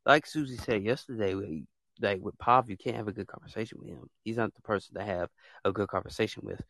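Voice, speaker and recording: A man's voice: lowish voice, fast talker, a bit bright, no room sound. A man who hosts a podcast, scolding listeners in a heated, repetitive rant about trolls and bans. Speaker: podcast host. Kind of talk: ranting monologue.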